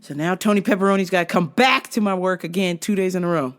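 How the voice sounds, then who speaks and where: A woman's voice: lowish voice, fast talker. A woman telling a comic story in a profane, sarcastic way. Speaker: host. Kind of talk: comedic storytelling.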